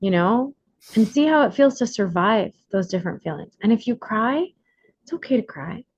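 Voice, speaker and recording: A woman's voice: fairly high pitch, normal speed, slightly rough, no room sound, highs cut off. A woman hosting an online workshop in casual talk, acting out the lines she quotes. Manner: animated, acts out quoted lines in bright voices. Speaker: workshop host and coach.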